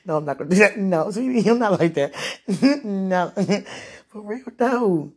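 A woman with a husky, mid-range, expressive voice delivers a relaxed, rambling monologue at an unhurried pace, playful and quick to laugh, moving from loud outbursts to quiet murmurs.

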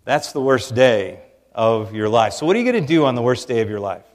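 A male pastor delivers an earnest sermon. He swings between raised, emphatic lines and quiet, hushed ones. His mid-range voice carries a long reverb from a large church hall. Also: medium pitch, lively intonation, a little fast.

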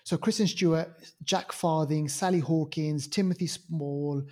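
Man, husky voice, rambling, enthusiastic film chat, lots of fillers. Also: fairly high pitch, fairly even intonation, a little slow, dark tone. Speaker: podcast co-host reviewing films. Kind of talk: casual chat.

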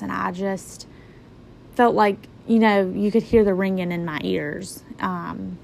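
A woman's voice: medium pitch, steady tone, slow pace, gravelly, a little mellow, slight background noise. A woman in her twenties casually retelling a personal story in a conversational way, acting out her own reactions. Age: 20s.

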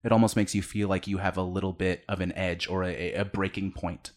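Brief: a deep-voiced game master narrating loosely, with fillers and restarts. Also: male voice, flat delivery, a little fast. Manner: rambling, with many fillers and restarts.

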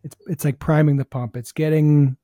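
A man's voice: a little high, fairly even intonation, moderate pace, dark tone, no room sound, clean studio sound. A man hosting a baseball podcast, talking through ideas in a thoughtful, rambling casual chat. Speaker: host, hitting coach.

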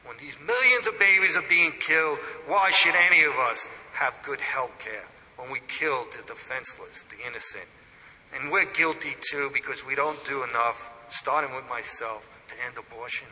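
A man preaching a sermon, impassioned, swinging between loud declarations and hushed asides. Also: a little high, moderate pace, slight background noise. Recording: long hall reverb.

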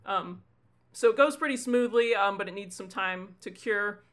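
Bright-voiced woman game master. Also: medium pitch. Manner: chatty, lots of ums, quick laughs. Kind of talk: narrating a tabletop game.

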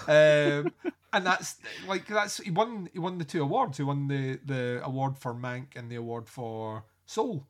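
A man's voice: mid-range voice, unhurried. A man co-hosting a music podcast, chatting casually, swearing and laughing as he tells stories. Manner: sweary, laughing, animated storytelling. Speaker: podcast co-host. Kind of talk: casual chat.

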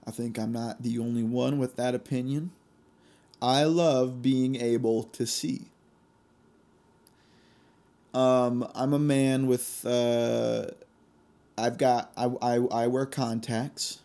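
A young man hosting a casual solo podcast, telling stories in an animated, gleeful way and laughing often. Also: medium pitch, slow pace, gravelly. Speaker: podcast host.

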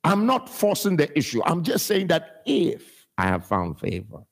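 A man preaching a sermon in a rhythmic, half-sung cadence. His slightly raised voice has a husky edge, and it swoops widely, climbing to emphatic shouts before sinking low and soft as he quotes scripture. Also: huge pitch swings, moderate pace. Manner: sing-song preaching cadence, rising to shouts and dropping low when quoting scripture. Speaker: pastor.

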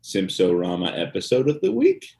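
A man's voice: deep voice, wildly swooping pitch, normal speed, gravelly, mellow. A man co-hosting a podcast in casual chat, joking, laughing often and rambling with fillers. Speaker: podcast co-host.

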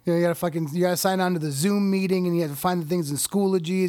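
A man guesting on a podcast as a comedian, joking with deadpan dad humor and casual swearing. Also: high-pitched, rapid-fire, no echo.

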